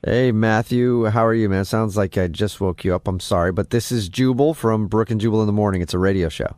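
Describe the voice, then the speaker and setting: A man with a fairly low voice hosts a morning radio show, bantering with a joking, self-deprecating manner. He talks into a studio mic in a dry, dead room. The sound is close and clean. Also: brisk, darkish tone, no room sound. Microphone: studio microphone.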